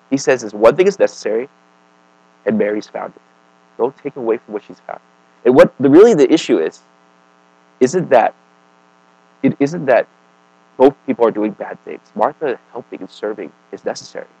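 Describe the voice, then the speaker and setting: Male preacher, mid-pitched, conversational sermon, dry sound with a faint mains hum. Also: lively intonation, moderate pace, pauses often, no echo, low-quality recording. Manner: conversational, keeps asking "right?" and "okay?"; swings between emphatic and quiet.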